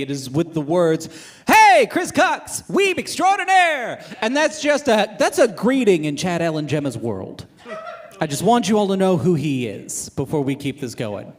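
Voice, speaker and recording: A man hosting a live comedy show, teasing a comedian and hyping the crowd for the next act. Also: fairly high pitch. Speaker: host. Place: comedy club stage.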